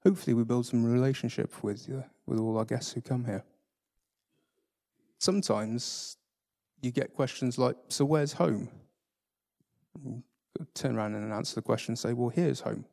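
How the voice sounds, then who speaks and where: A man reading a story aloud to a community, with halting, relaxed asides full of fillers. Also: medium pitch, vocal fry.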